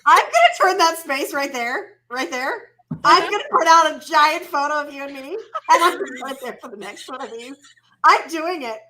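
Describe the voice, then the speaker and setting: A woman's voice: high voice, expressive, normal speed, crowd noise. A woman appearing as a surprise guest on a podcast, chatting playfully and teasing the host. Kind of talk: casual chat.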